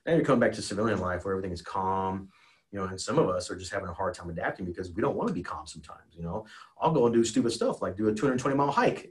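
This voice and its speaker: A retired American helicopter pilot telling a war story as a podcast guest, earnest and emotional, with many restarts and "you know"s. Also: male voice, low voice, lively intonation, rapid-fire. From United States. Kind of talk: casual spoken storytelling.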